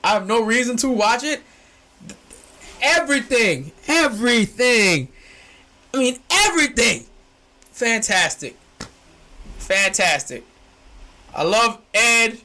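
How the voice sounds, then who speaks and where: A young man, co-hosting a casual chat that swings from low musing to shouting, laughing excitement. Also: unhurried, long pauses. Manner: excitable, shouts and laughs when hyped, slangy. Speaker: podcast co-host.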